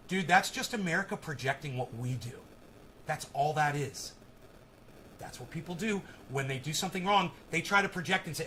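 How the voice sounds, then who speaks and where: A man with a high, bright and cutting voice rants into his phone on a live stream. He swears heavily and yells at people in his chat. A faint hiss of noise sits under the recording. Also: moderate pace, rough recording. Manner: profane, shouts angrily at chat commenters. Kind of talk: ranting live stream commentary.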